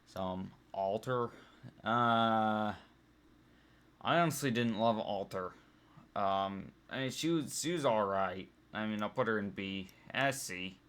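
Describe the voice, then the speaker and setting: A man's voice: on the low side, slow pace, a bit bright, smooth. A young man talking casually as he ranks things, rambling with many ums and restarts. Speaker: vlogger. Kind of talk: casual tier-list ranking chat.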